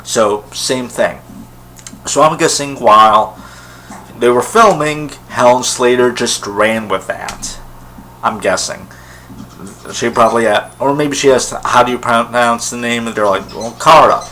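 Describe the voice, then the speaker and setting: Bright-voiced man rambling in a vlog. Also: medium pitch, measured pace, slight background noise, rough recording. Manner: rambling, enthusiastic fan talk with many fillers. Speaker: vlogger. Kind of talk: casual solo vlog commentary.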